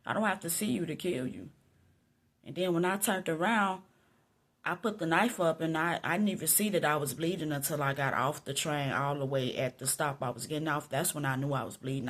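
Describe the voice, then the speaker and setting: A woman, telling a personal Christian testimony in an animated way, quoting both people in the story and swinging from low murmurs to loud outbursts. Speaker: Christian vlogger sharing a testimony.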